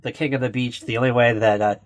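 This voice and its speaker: A man in a relaxed podcast chat, retelling a film scene by scene. His talk is loose and rambling, full of "like"s and quick quoted lines. His voice sits in a middle pitch. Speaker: podcast co-host. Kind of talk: casual chat recapping a movie.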